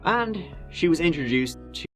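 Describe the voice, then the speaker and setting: A man's voice: a little high, sing-song, moderate pace, fairly bright tone, faint music behind. Chatty man narrating true crime. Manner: chatty, with fillers and asides. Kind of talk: casual storytelling narration.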